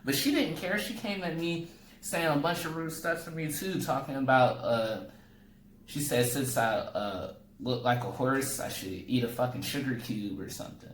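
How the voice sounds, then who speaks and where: A young male comedian with a mid-range voice tells a comic story at a moderate pace, chatting casually and voicing its characters with sudden leaps in pitch. The recording sounds echoey, with faint background noise.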